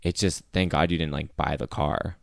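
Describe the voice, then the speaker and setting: A man hosting a casual podcast chat, reacting with quick interjections and sharing his own stories. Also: very deep voice, steady tone, gravelly, no echo, clean studio sound. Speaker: podcast host.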